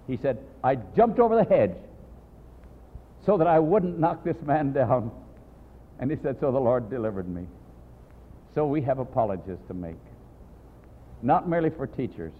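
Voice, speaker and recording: A man's voice: mid-range voice, slight background noise. An older man, a pastor, preaching with folksy stories and acting out dialogue in raised voices. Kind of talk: sermon with storytelling. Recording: tinny old phone-like tape in a reverberant hall.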